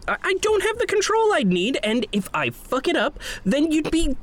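A woman's voice: sits high, sing-song, moderate pace. A woman voicing an anxious, guilt-ridden young male vampire in an audio drama, stammering and pleading.

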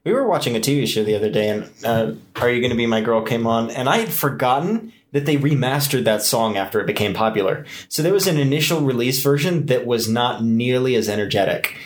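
A man's voice: mid-range voice, expressive, a little fast, hardly any pauses. A man hosting a podcast, asking questions and adding chatty, thoughtful asides. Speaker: podcast host. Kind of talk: casual interview.

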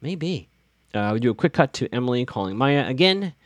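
A young man talks through a TV episode in a loose, opinionated recap, restarting his sentences as his thoughts run ahead. His voice sits at an everyday middle pitch. The recording is dry and close, with almost no room sound. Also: animated, brisk, no echo. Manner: chatty, opinionated, frequent restarts. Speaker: TV recap podcaster.

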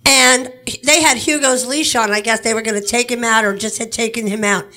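Bright woman telling a chatty story. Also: on the high side, fairly even intonation, a little fast. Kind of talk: telling a personal story to an audience.

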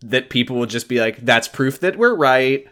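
A man's voice: medium pitch, animated, normal speed, fairly bright tone. A man co-hosting a casual recap podcast, hesitant with repeated words, swearing now and then. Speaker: podcast co-host.

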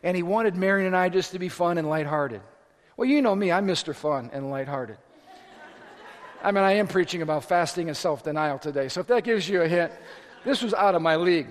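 High-voiced animated preacher in a hall. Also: male voice, fast, some chatter behind. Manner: animated storytelling with shouted asides. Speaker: pastor. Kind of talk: sermon. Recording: echoey hall recording.

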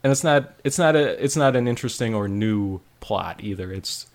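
A man chatting casually about a video game, rambling with lots of "like" and animated retelling. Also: on the low side, moderate pace. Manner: rambling, frequent "like", animated storytelling. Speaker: podcast co-host reviewing a game. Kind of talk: casual chat.

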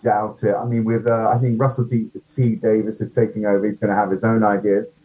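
A man's voice: fairly low pitch, level tone, fairly quick, dark tone. A British man, an actor being interviewed, chatting casually and acting out what people said. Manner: chatty storyteller, acts out quotes. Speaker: actor guest. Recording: dull lo-fi audio.

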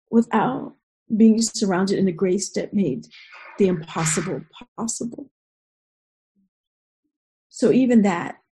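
A woman's voice: mid-range voice, mellow, breathy edge, rough recording. A woman earnestly telling a personal story, emotional and full of restarts and vivid retellings.

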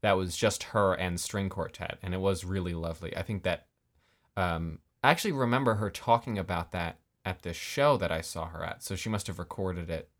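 Male podcast co-host, very deep voice, loose rambling delivery. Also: moderate pace, a bit bright. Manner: casual, rambling, self-correcting. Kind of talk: casual music discussion.

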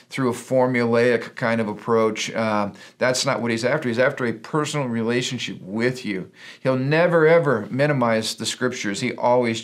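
A middle-aged man, a pastor and podcast co-host, talking in an earnest, preachy storytelling way. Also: medium pitch. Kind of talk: casual Christian podcast talk.

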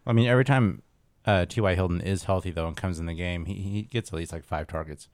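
A man with a very deep voice rambles through his picks in relaxed podcast chat, circling back on himself as he goes. His voice sits dry and close to the mic. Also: quick pace, no echo. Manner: loose and rambling, full of fillers and restarts. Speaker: fantasy football podcast co-host.

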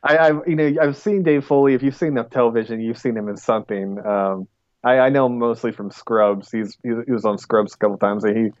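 A man's voice: mid-range voice, fairly even intonation, brisk, no room sound, muffled recording. A man co-hosting a podcast in casual chat, rambling with lots of "like" and restarts. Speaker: podcast co-host.

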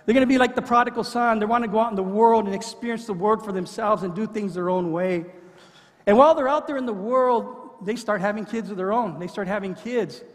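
A man's voice: high-pitched, fairly quick. A middle-aged man preaching a sermon in an earnest way, often repeating words as he builds his point. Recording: long hall reverb.

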